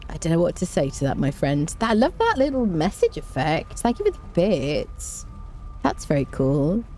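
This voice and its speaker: Low-voiced, lively woman streamer. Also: moderate pace, soft background music. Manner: chatty, reads viewer messages aloud and laughs often. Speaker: game streamer. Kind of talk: casual live-stream chat while gaming.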